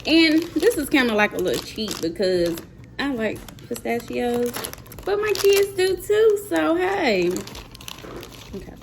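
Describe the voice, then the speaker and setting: Slow-talking woman, chatty vlogger. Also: high-pitched, very animated, creaky, slight background noise. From Mississippi, USA. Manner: chatty and playful, talking straight to viewers. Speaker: mother and vlogger tasting snacks. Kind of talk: casual chat to camera.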